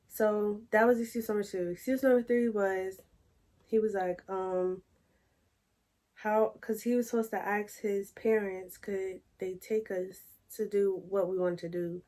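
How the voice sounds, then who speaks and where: A young woman telling a personal story in a chatty, animated way and addressing viewers as y'all. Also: medium pitch. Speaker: storytime vlogger. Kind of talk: casual storytelling to camera.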